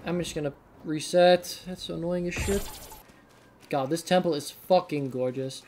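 A woman's voice: sits low, measured pace, slight background noise. A young woman streamer giving casual gameplay commentary, swearing often and talking to herself as she plays. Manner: profane, excitable, talks to herself.

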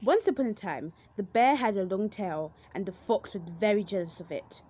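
A woman telling a storybook tale for children in a gentle, clear read-aloud manner. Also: medium pitch, expressive, moderate pace.

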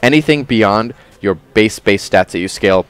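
A man with a low, smooth and resonant voice walks through a character's build on a game studio's livestream. He talks in a relaxed, chatty way, full of fillers and restarts as he explains his choices. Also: normal speed. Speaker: game developer showing a new character. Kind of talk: casual livestream gameplay talk. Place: studio at a game company, live stream.

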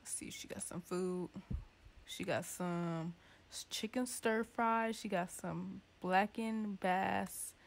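A woman's voice: slow, gravelly. Chatty woman narrating a sim game. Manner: chatty, playful, voices the sims' thoughts in a squeaky tone. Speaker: gaming YouTuber. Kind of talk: casual let's-play commentary.

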